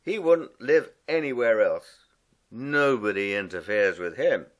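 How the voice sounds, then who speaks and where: A man voicing a cheerful, bossy male water rat in a storybook reading, brisk and fussy. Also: on the low side, lively intonation. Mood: chatty.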